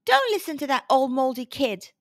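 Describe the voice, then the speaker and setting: A woman doing an excited little cheese boy mechanic. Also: high-pitched, moderate pace, dry recording, studio quality. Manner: excited, exclamatory. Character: cheerful young male cheese mechanic.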